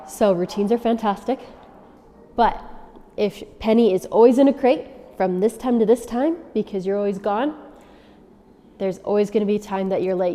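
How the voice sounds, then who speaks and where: A woman dog trainer giving instructions to dog owners, often checking in with a quick "okay?". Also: medium pitch, dark tone, a little hiss or hum. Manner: coaching, checks in with frequent "okay?". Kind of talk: instructional demonstration. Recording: long reverb.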